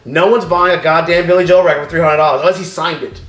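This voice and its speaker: A man's voice: a little high, steady tone, quick pace, a bit bright, reverberant. A man, co-owner of a record shop, telling stories in casual chat and acting out the dialogue, swearing freely.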